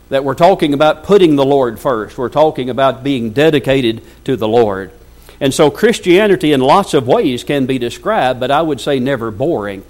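A man's voice: medium pitch, darkish tone. A male preacher giving a sermon, reading scripture aloud and asking the congregation rhetorical questions. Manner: reads scripture aloud at length.

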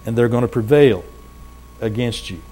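A man preaching a sermon, slowing down for emphasis and dropping his voice low at the ends of phrases. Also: dark tone.

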